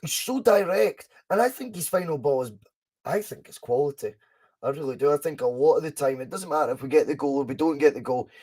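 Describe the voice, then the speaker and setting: A young Scottish man runs a live fan watchalong, his voice pitched a little high for a man. He chats casually, calls the action with excitement and answers viewers' comments, with the odd swear word thrown in. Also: brisk, breathy edge. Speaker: podcast host doing a live fan watchalong.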